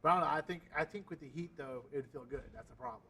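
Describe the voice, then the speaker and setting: A man co-hosting a casual chat, talking quickly and using lots of filler words. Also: on the high side, pushed and bright, recorded from a distance, a little hiss or hum, rough recording. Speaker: co-host.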